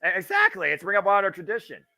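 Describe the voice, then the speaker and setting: Midwest guy riffing over a wrestling show, bright voice, kinda high, cracks jokes and swears. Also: huge pitch swings, fast talker, vocal fry. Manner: chatty, wisecracking, swears freely. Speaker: wrestling watch-along host. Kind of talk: casual live commentary.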